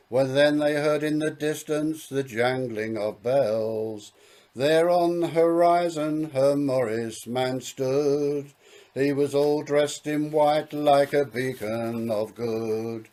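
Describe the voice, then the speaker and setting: A man sings a comic story ballad in a slow, drawn-out way and tells the tale as a singer-songwriter. His pitch sits in a middle range for a man. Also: warm tone.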